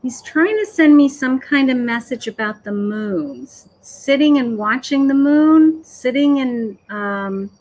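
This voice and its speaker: Slow, soft-spoken woman psychic. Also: high-pitched, poor audio. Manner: slow, hesitant, full of "okay" and "um". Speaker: psychic medium. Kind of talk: live-streamed psychic reading.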